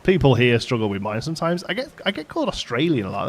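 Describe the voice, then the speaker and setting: A man's voice: mid-range voice, wildly swooping pitch, fast. An English man with a light Liverpool tinge in his accent, hosting a live stream in casual, digressive chat and laughing often. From England. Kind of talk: casual chat while building in a game. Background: faint background music.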